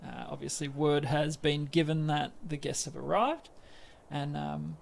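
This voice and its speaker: Slow gravelly man narrating a game. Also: a little high. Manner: hesitant, many fillers. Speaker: game master.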